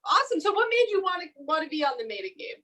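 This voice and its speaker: A woman's voice: very high-pitched, big pitch swings, very fast. A woman hosting a live comedy dating game show, playful and teasing, with frequent laughter. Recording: live club with loud crowd noise.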